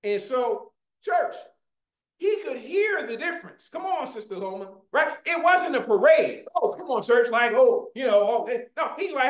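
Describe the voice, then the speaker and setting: A preacher delivering a fervent sermon, often shouting and calling out to the congregation, recorded in a church. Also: sits high, very animated, unhurried. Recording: echoey room.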